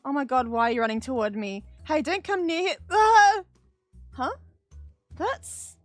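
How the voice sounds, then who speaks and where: A vain, cat-allergic young actor from a story game, jumpy and excitable, his lines leaping up in pitch whenever something startles him, as read aloud by a woman. The voice sits high and close, with a dry sound and soft music underneath. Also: normal speed, no echo, close to an everyday voice.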